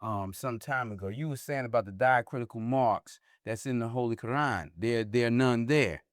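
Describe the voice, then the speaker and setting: A man teaching in a religious discussion, often stopping to ask "huh?" to check that his listeners follow, and pushing up his pitch and force to stress a point. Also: normal speed, no echo, studio quality.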